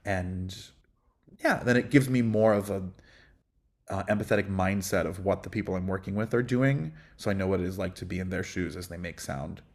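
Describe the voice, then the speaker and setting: Chatty man with a low bass voice. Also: a little fast, darkish tone. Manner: reflective, chatty, frequent ums. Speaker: podcast guest, voice teacher. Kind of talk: casual podcast conversation.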